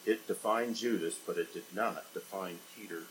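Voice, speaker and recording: A man preaching a sermon as a pastor, asking rhetorical questions and swinging between loud emphatic lines and quiet, low ones. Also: moderate pace, slight background noise, poor audio. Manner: dynamic preaching with sharp swings in loudness and pitch, rhetorical questions.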